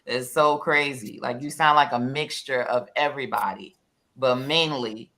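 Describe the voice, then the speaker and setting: A woman's voice: very deep voice, normal speed, sharp tone. A woman with a New York accent in casual chat about card reading, rambling and repeating words with lots of "you know". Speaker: panelist.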